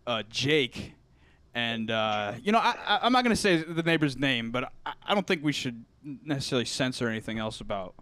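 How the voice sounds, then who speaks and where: A man's voice: medium pitch, animated, fairly quick, bright, forceful tone, dry recording. A young man telling a story in a casual chat, laughing often, swearing and acting out quotes. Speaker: podcast co-host.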